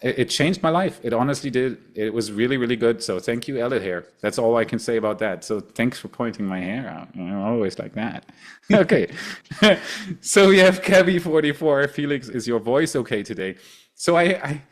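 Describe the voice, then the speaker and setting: A man's voice: medium pitch, lively intonation, normal speed. A middle-aged man with a German accent chats casually on a livestream in English, which is not his first language. He rambles, restarts phrases and repeats words as he goes. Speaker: livestream host.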